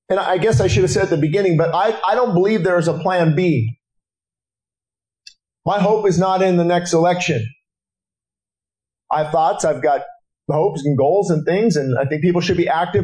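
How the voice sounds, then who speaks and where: A man's voice: on the high side, darkish tone, reverberant, low-quality recording. A middle-aged man preaching a sermon at a breakfast gathering, earnest and rising into urgent exhortation.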